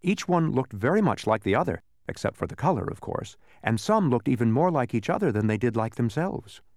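Male storybook narrator, gravelly, dry close mic. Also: mid-range voice, dry recording. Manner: expressive, slowing down for effect.

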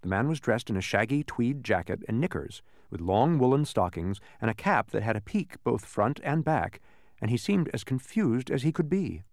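An expressive male narrator reading a storybook aloud, his pitch rising and falling with animation. The sound is close and dry, with no room around it. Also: normal speed, no room sound.

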